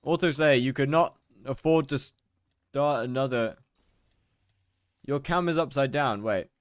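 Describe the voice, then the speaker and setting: A man's voice: medium pitch, unhurried, clean tone, dry recording. Man, British accent, young adult, game streamer, casual and rambling, dry sound. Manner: rambling, self-mocking, reads chat aloud. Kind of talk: casual live-stream chat while gaming.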